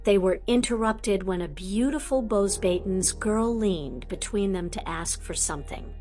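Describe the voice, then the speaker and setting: A woman narrating a fan fiction audiobook in a measured, unhurried reading. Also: mid-range voice, darkish tone, faint music behind.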